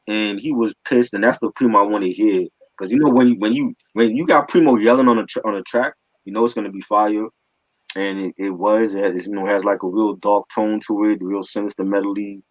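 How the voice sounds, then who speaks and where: A man's voice: fairly low pitch, steady tone, brisk, no room sound, highs cut off. A man co-hosting a casual hip hop album review, slangy, joking and opinionated.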